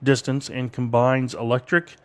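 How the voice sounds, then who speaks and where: A man's voice: mid-range voice, level tone, moderate pace. A man hosting a radio show, reading this-day-in-history facts in casual chat with a co-host, chuckling often. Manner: reads date facts with chuckles. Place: radio studio streamed live.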